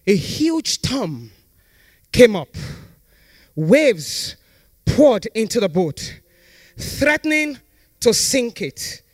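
A man's voice: very high voice, sing-song, very slow, long pauses, no room sound, studio quality. A man pastor preaching a sermon and leading the congregation in fervent call-and-response prayer declarations.

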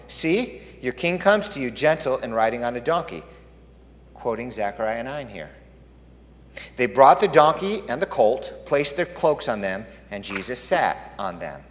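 A man preaching a sermon, rising to loud, booming proclamations and dropping to hushed, low emphasis. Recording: long hall reverb.

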